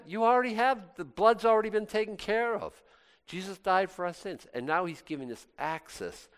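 A man preaching a sermon, swinging from loud exclamations to soft, intimate asides. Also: high-pitched, smooth.

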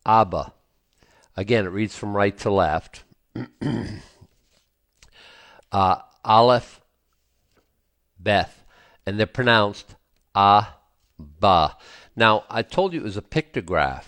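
A man teaching a Bible study, reading scripture aloud and then explaining it in an unhurried way, with frequent ums and small asides. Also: on the low side, expressive, fairly bright tone, no echo. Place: indoors, presenting to a screen.

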